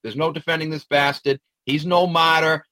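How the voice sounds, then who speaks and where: A man's voice: on the high side, fairly even intonation, moderate pace, pushed and bright, dry recording, poor audio. A man hosting a commentary show, delivering an indignant, profane ranting monologue full of "uh" fillers.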